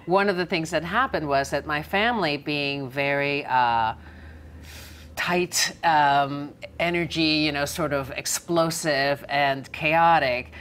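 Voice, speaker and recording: A woman comedian from Miami, chatting as an interview guest and telling lively stories, acting out the people she quotes. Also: sits low, slow pace, a little hiss or hum. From Miami, United States. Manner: animated storyteller, acts out quoted voices. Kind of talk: casual interview chat.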